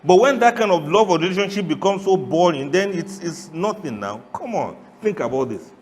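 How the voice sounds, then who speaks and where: A man giving a lively, humorous sermon, often laughing and asking the audience questions. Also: sits high, brisk, long reverb tail, a little hiss or hum. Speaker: Islamic preacher.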